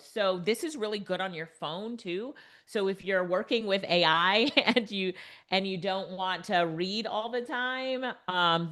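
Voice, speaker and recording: Brief: middle-aged woman instructor, low-ish voice, upbeat and chatty, live webinar on a computer mic. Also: a bit bright. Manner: upbeat, laughs often, chatty asides to the viewers. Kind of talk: live online teaching demo. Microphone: computer mic on a video call.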